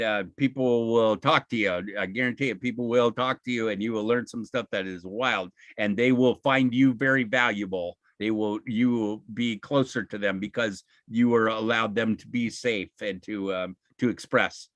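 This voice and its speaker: A man's voice: lowish voice, fairly even intonation, moderate pace, hardly any pauses, a bit bright, no echo. A man giving an informal, encouraging webinar talk over a video call, often acting out what people say. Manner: conversational, encouraging, acts out quoted speech.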